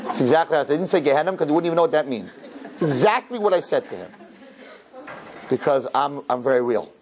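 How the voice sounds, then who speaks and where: A rabbi telling a lively personal story to an audience, acting out the dialogue as he goes. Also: on the high side, fast talker, a loud crowd, very noisy. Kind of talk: storytelling talk.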